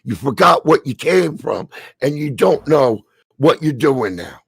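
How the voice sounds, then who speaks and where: New Jersey man, middle-aged, gravelly husky voice, slow profane rant, stammers and yells. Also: mid-range voice, big pitch swings, no room sound. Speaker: stream co-host. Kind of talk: angry ranting commentary.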